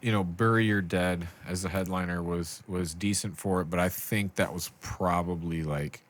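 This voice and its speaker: A man's voice: sits low, fairly even intonation, moderate pace. A man hosting a casual podcast chat, loose and joking, swearing freely. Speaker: podcast host.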